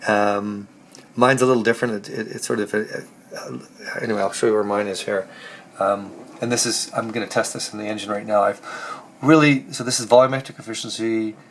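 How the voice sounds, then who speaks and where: A man with a cold, hoarse and halting, talking through his engine tuning in a casual technical walkthrough. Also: on the low side, fairly bright tone, slight background noise. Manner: halting, many ums and restarts, thinking aloud. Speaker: car restorer explaining engine tuning.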